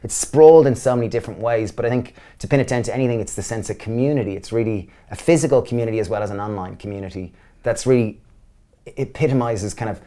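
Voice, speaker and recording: Fast-talking Irish man telling stories. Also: mid-range voice, warm tone. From Ireland. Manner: enthusiastic storyteller, acts out voices. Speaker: guest, business co-founder. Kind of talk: casual interview chat.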